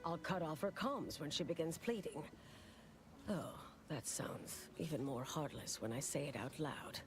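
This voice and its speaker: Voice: medium pitch, measured pace, music in the background, close to an everyday voice. An actor voicing a cool, formal scientist character in a game, speaking with clipped, formal diction.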